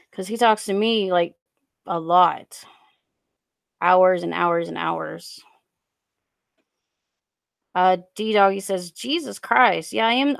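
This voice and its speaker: A young woman on a casual live stream, rambling and halting with lots of fillers as she reads out viewer comments into a USB desk mic. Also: on the low side, vocal fry, no echo.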